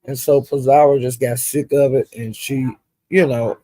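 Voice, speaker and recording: A woman's voice: a bass voice, moderate pace, dry recording. A woman vlogger casually recapping livestream drama, with a loose, rambling, slangy delivery. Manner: animated retelling that acts out each person's lines. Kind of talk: casual gossip storytelling.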